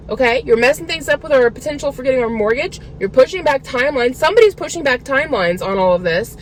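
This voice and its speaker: A woman's voice: sits high, expressive, fast, hardly any pauses, slight background noise, poor audio. A woman vlogging from her car, talking casually and venting her frustration in a rambling way with lots of filler words. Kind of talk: casual venting vlog to camera.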